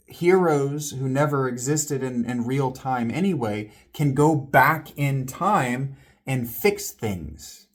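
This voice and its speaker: A man giving a casual commentary on a scripture text, thinking aloud with restarts and asides. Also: mid-range voice. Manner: reads quoted scripture in a raised, emphatic voice. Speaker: podcast host reading scripture.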